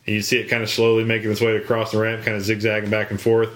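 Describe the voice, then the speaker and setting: A man's voice: fairly low pitch, monotone, very fast, fairly bright tone. A man in casual chat, telling rambling stories with many fillers and restarts.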